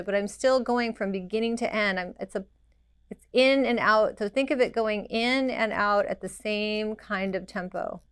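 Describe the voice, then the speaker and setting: Woman, makeup trainer, smooth clear voice, dry close sound, direct and practical. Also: fairly high pitch, fairly quick, fairly bright tone, dry recording. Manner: practical, direct, makes sound effects to show rhythm. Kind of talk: hands-on demonstration.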